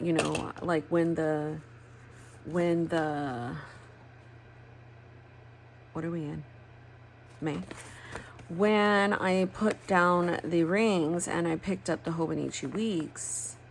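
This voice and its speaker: Low gravelly lady rambling about her planners, cusses a lot, bit of room hiss. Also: steady tone, slow pace, long pauses. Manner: candid, rambling, swears freely. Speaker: planner crafting vlogger. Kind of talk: casual chat while crafting.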